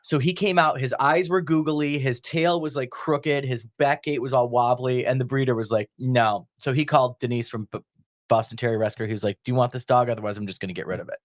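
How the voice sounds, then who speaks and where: A man's voice: mid-range voice, fairly quick. A man chatting casually on a podcast, telling a long personal story and acting out the people in it. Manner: animated storyteller, acts out quoted voices.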